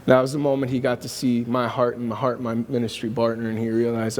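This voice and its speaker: A man's voice: medium pitch, little pitch movement, fast, darkish tone. A man preaching a sermon, telling a personal story in an earnest, emphatic way. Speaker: pastor. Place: church auditorium. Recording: long hall reverb.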